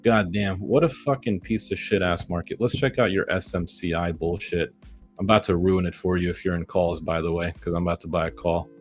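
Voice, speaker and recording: Low-voiced man ranting profanely at trades. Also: steady tone, brisk, faint music behind. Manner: profane, frustrated ranting at the market; sarcastic self-mockery. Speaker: day trader streaming his trades. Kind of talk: live trading commentary.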